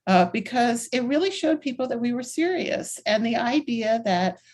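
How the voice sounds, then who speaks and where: A woman's voice: fairly high pitch, expressive, normal speed, darkish tone. A woman in her sixties, a guest in a conversational interview, telling stories in long, flowing runs with a candid, emphatic manner. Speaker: interview guest, activist and writer.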